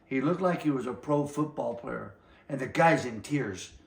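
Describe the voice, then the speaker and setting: A man's voice: mid-range voice, lively intonation, normal speed, gravelly. Rambling older man in an echoey room. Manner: rambling, acts out other people's lines. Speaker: martial arts master being interviewed. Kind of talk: casual anecdotal storytelling. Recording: roomy echo.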